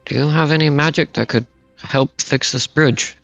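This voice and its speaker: A man's voice: a little high, moderate pace, gravelly, fairly bright tone, dry recording, faint music behind, low-quality recording. A man playing a tabletop game casually, hesitant and repeating words. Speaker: player.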